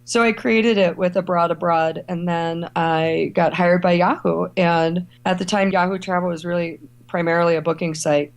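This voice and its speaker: She speaks at a normal speed with few pauses, her pitch fairly low. A middle-aged travel writer and editor from Ohio and Kentucky, she's an interview guest who animates her stories by voicing the people she quotes.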